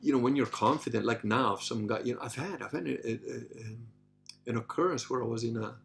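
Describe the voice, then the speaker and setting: A middle-aged man talks through listener questions on his podcast. He rambles, restarts sentences and pads them with "you know." His voice sits at an ordinary pitch, and he acts out the people in his stories. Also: fairly quick, gravelly. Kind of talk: casual storytelling monologue.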